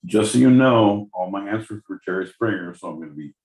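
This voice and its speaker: A man's voice: lowish voice, brisk, a little mellow. A man co-hosting a podcast live, joking and swearing in casual banter. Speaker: podcast co-host. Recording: echoey room.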